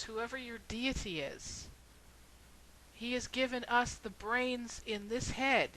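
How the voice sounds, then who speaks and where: A woman's voice: fairly high pitch, sharp tone, rough recording. A woman video blogger telling a story and then making an earnest, rhetorical argument.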